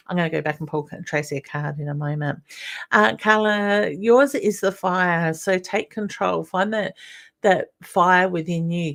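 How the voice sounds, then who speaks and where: Woman, psychic medium on a live stream, lowish voice, affectionate and reassuring, calls everyone honey. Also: gravelly, a bit bright.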